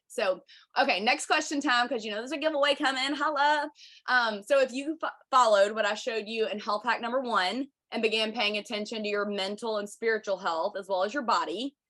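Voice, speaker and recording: A woman's voice: medium pitch, fairly bright tone. A woman, hosting a chatty, bubbly livestream for her viewers. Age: 30s. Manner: bubbly, chatty, says y'all a lot. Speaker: podcast host.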